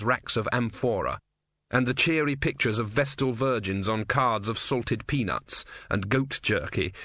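A man reading an audiobook aloud in scripted narration, with a dry, measured delivery. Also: medium pitch, a bit bright, no room sound.

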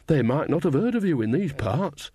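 A man's voice: fairly high pitch, very animated, moderate pace, warm tone, husky, dry recording, studio quality, pitched above the performer's own voice. Man voicing a chatty old witch woman. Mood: easygoing. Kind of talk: audiobook character voice.

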